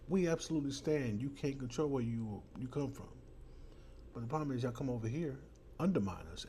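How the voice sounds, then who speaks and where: Male host, heated commentary, mocking, profane, mid-pitched voice. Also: animated, a little fast, warm tone, a little hiss or hum.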